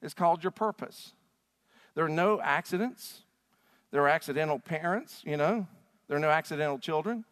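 A man with a high voice preaches with emphasis, pressing each point home to a congregation. His words ring out with a long reverb in a large church hall. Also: moderate pace. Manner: emphatic, rising to loud declarations. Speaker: pastor. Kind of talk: sermon.

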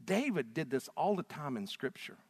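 A middle-aged man preaching a sermon as pastor, animated and rising to loud, emotional peaks as he reads scripture aloud. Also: on the high side, moderate pace, slightly rough. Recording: long hall reverb.

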